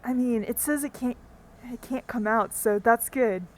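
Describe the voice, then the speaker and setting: A woman playing a tabletop game, talking in an anxious, excitable way. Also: a little high, unhurried, rough recording. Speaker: player.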